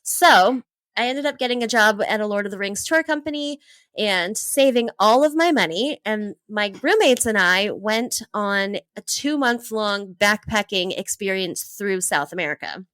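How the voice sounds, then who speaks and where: A woman from Hawaii, in her thirties, telling travel stories in a casual interview, lively and laughing often. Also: mid-range voice, measured pace, no room sound. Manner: animated, laughs often, acts out her own past thoughts. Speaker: travel entrepreneur guest.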